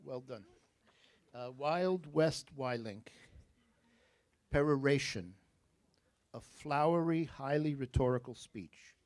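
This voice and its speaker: A man with a New Jersey accent, working as a spelling bee pronouncer. He reads words, definitions and example sentences in a measured, deliberate way and drops in joking asides. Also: medium pitch, expressive, a little mellow.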